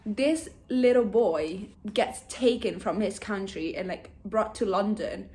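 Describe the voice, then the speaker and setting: A woman's voice: medium pitch, slow pace, darkish tone. A young woman in her twenties chatting casually about books she is reading, bubbly and full of "like" fillers. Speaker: book vlogger. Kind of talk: casual chat.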